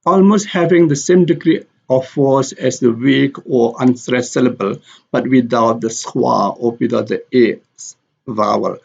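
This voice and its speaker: A male teacher talks through word stress at a very slow, deliberate pace, saying each example word more than once. His voice is gravelly and husky. The recording is dull and lo-fi. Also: medium pitch, darkish tone. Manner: repeats example words carefully. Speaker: English pronunciation teacher. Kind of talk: slow explanatory lesson with spoken examples.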